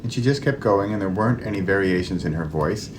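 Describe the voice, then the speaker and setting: A middle-aged man hosting his own solo talk, shifting his pace and loudness and dropping to near whispers to show how pauses work. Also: low voice, noisy background. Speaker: host.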